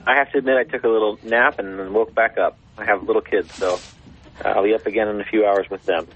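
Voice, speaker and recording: Fast-talking American man on a tinny phone line. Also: fairly low pitch. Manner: relaxed, good-humored, hedging. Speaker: embassy press secretary guest. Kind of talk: phone-in radio interview. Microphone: telephone.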